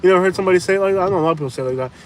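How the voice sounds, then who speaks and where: A man with a slightly high voice chats and jokes his way through a live stream, repeating phrases and laughing easily. He talks from inside a running truck, with a faint engine hum and storm noise underneath. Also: racing. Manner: jokey, laughs often, repeats phrases playfully. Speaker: live-stream host reading viewer comments. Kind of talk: casual live-stream chat. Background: engine hum, wind and rain.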